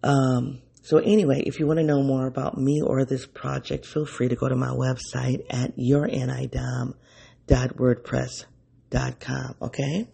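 A man's voice: mid-range voice, level tone, measured pace, gravelly, dark tone, slightly rough. A man hosting an unscripted solo podcast in his early-morning voice, rambling and correcting himself as he thinks aloud. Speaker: podcast host.

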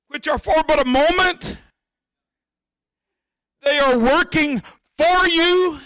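A man preaching a sermon to his congregation, speaking to them directly, slowing on key phrases and building to shouts. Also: very high voice, dry recording, clean studio sound. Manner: impassioned preaching that swells into shouts. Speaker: pastor.

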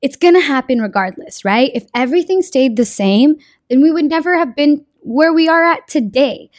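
A woman's voice: high-pitched, expressive, normal speed, no echo, studio quality. A young woman talking casually and earnestly about a card of the day, with slang and swearing. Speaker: card reading vlogger. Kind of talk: casual spiritual advice monologue.

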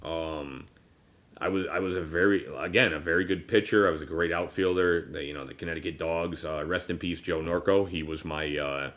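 A man's voice: deep voice, fairly even intonation, brisk, fairly bright tone. A man in his thirties hosting a casual podcast, rambling with many fillers and restarts, and at times choked up. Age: 30s. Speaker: podcast host. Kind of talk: casual personal conversation.

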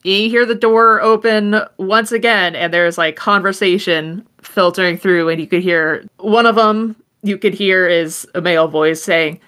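Young woman gm narrating a tabletop game, bright voice, chatty. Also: medium pitch, steady tone, a little slow, hardly any pauses, clean tone. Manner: laughing, casual storytelling. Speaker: game master.

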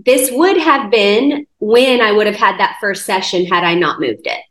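A woman's voice: medium pitch, moderate pace. Chatty woman telling a story in an echoey room. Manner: lively retelling with many "like" fillers. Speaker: guest sharing a testimony. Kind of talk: conversational storytelling. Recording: roomy echo.

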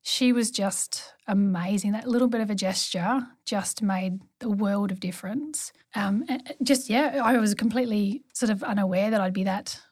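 In a conversational podcast interview, a woman who works as a neonatal nurse practitioner shares stories with warmth and sincerity. She talks at medium pitch and a moderate pace with hardly any pauses, in clean studio sound without echo.

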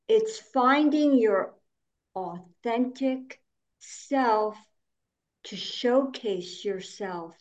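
A woman hosting a podcast as a coach, chatting in an unhurried way. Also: fairly high pitch, darkish tone. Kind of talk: casual podcast chat. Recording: dull lo-fi sound.

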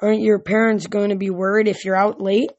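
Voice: mid-range voice, little pitch movement, fairly quick, darkish tone, dry recording, lo-fi sound, natural voice. A reader voicing a clever, self-assured teenage girl, speaking in a matter-of-fact way in an amateur audiobook reading.

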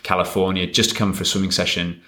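A man from the United Kingdom, a swim coach, chatting casually in an interview and telling stories in a rambling, animated way. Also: deep voice, quick pace.

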